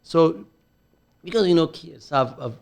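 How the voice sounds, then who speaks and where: A middle-aged man on a podcast, speaking earnestly with many repeated words and halting restarts. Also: fairly high pitch, gravelly, a little mellow. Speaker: podcast co-host. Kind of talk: casual podcast discussion.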